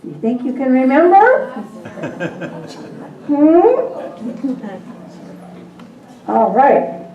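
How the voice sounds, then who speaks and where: A woman's voice: high voice, very animated, very slow, long pauses. A woman leading a call-and-response Bible lesson, coaxing her listeners and repeating prompts with frequent laughter. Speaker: Bible teacher for a group. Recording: distant, roomy and dull.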